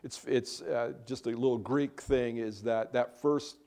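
A man's voice: mid-range voice, steady tone, measured pace, dark tone. A man preaching a casual sermon as pastor, conversational and restarting his sentences as he teaches. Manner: conversational, with self-interrupting restarts.

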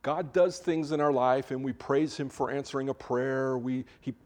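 Male pastor, mid-pitched, chatty sermon delivery, restarts mid-sentence, easy humor. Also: fairly even intonation, moderate pace, a little mellow. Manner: informal, self-correcting, joking asides. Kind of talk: conversational sermon.

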